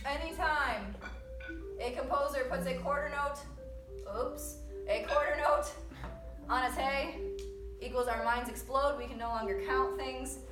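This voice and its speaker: Peppy lady music teacher counting beats out loud, kinda high voice, music in the background. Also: steady tone, unhurried, echoey room. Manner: upbeat and breezy, counts and sings rhythms loudly. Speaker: percussion teacher. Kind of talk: music lesson, counting rhythms aloud.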